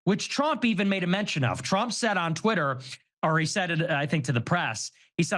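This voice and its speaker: High, lively-voiced male commentator. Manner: animated, quick-reasoning delivery. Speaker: show host. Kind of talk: casual political commentary.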